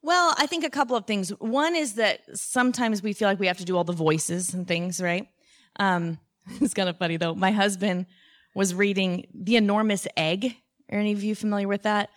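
Woman podcast host, casual storyteller, lively and warm-humored. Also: mid-range voice, normal speed. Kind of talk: casual conversation before a live audience.

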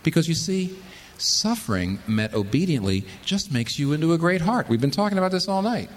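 A man preaching a sermon, swinging between loud emphatic lines and quiet asides. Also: a little high, big pitch swings, a little fast. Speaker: pastor. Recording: reverberant hall with faint noise.

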